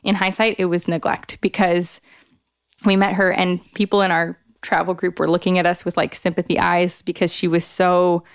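Smooth-voiced woman telling a story animatedly. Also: normal speed, no room sound, studio quality. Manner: animated, acts out quoted voices with big jumps in pitch; frequent "like" fillers, earnest and expressive. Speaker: podcast guest, author. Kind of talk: candid storytelling in a conversation.

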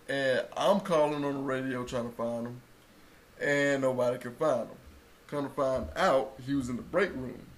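A man telling a story in casual chat, acting out quotes and rising to loud bursts. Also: mid-range voice, slight background noise. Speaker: co-host telling a birth story.

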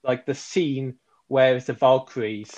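A man's voice: medium pitch, steady tone, a little slow, darkish tone, highs cut off. A man co-hosting a podcast, reviewing films in casual chat, enthusiastic and rambling, correcting himself as he goes. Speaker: podcast co-host.

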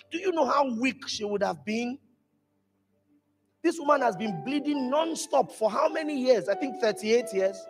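A pastor preaching a sermon to his church, emphatic and animated, rising to shouted peaks. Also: very high voice, long reverb tail. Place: church hall.

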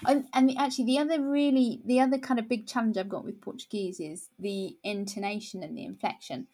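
A woman in casual conversation, talking thoughtfully with frequent restarts and pauses. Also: fairly high pitch, fairly even intonation, dark tone.

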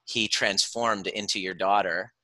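Intense bright-voiced man coaching. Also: on the low side, steady tone, measured pace, no echo. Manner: intense, soothing, swears freely. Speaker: guest, chiropractor and educator. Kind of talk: guided emotional coaching.

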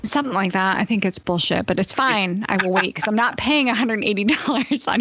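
A woman in casual chat, telling a profane, animated story full of laughs. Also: mid-range voice, brisk, few pauses, a little hiss or hum.

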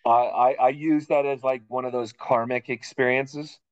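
Man, casual podcast co-host, rambling joker, mid pitch, slightly muffled lo-fi sound. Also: steady tone, moderate pace, smooth. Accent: Boston. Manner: joking, rambling storyteller. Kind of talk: casual chat.

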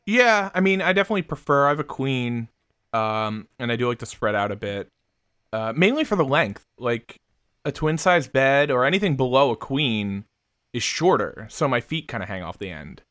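A man's voice: medium pitch, very animated, normal speed, fairly bright tone, dry recording, studio quality. Laid-back rambling young man. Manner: rambling, laid-back, swears and laughs often. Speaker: podcast co-host. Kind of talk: casual chat.

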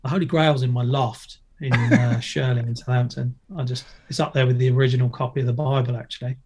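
This podcast guest is a middle-aged man who used to skateboard and present TV, and he jokes, tells stories, and curses freely throughout the casual interview. His mid-range voice is a little mellow, flat in delivery and fast, with a slight hiss or hum in the background.

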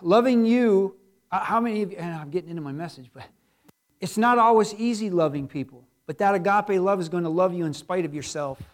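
A middle-aged man, a pastor, preaching a sermon in a church, building to loud, emphatic passages. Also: sits high, fairly quick. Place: church sanctuary.

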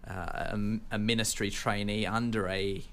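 A young man with an Australian accent talks in a low, steady voice. He is earnest and measured, with a gentle humor that comes through in casual interview chat. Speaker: seminary graduate entering ministry training.

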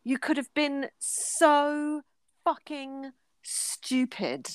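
A woman's voice: high voice, extremely slow, dry recording. A middle-aged woman co-hosting a podcast, talking candidly in casual chat and swearing freely. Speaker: podcast co-host.

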